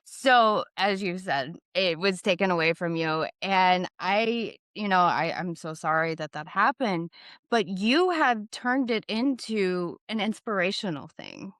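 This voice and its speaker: A woman's voice: on the low side, lively intonation, unhurried, fairly bright tone, dry recording, clean studio sound. A woman in her thirties hosting a podcast, asking questions in a sympathetic, affirming way. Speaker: podcast host. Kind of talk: interviewing.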